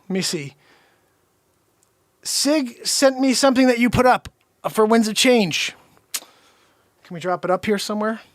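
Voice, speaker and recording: A man hosting a casual livestream, chatting excitably, laughing often and calling out to viewers. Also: high voice, normal speed, pauses often, no echo, studio quality. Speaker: livestream host. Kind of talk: casual livestream chat with music.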